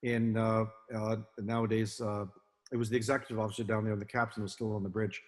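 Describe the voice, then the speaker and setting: An older man giving an illustrated talk to an audience, relaxed and anecdotal, with many fillers and restarts. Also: on the low side, fast. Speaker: guest speaker, film naval advisor. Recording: long hall reverb.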